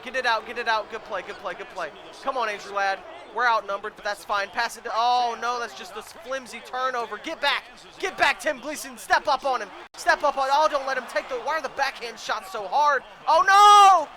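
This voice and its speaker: High-pitched man yelling at a hockey game. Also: brisk, noisy background. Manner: frantic, pleading with players, yelling at the game. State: voice going hoarse. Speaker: gamer commentating his own play. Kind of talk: excited let's-play commentary.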